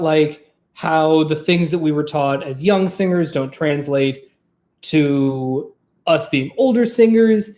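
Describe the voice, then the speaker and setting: A vlog host and trained former opera singer, chatting casually to camera in a rambling, profane, lively way. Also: mid-range voice, reverberant.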